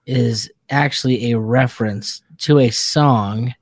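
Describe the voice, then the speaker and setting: A man guest on a podcast, chatting casually and correcting facts with a relaxed, rambling way of explaining. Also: mid-range voice, slow pace, no room sound. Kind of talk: casual chat.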